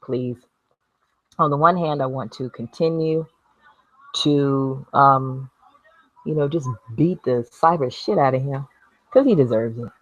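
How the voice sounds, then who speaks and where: A woman's voice: a bass voice, a little slow, long pauses, no echo, poor audio. A woman in a casual vlog rant at home, blunt and sarcastic, swearing freely while she works with a glue gun. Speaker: video blogger. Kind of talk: casual talking-to-camera rant.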